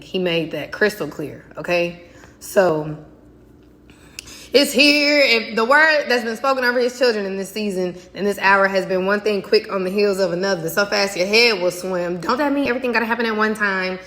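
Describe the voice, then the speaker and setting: Bright-voiced woman, excited faith vlogger. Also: medium pitch, moderate pace. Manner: excited, chatty, talks straight to viewers. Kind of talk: casual devotional vlog talk.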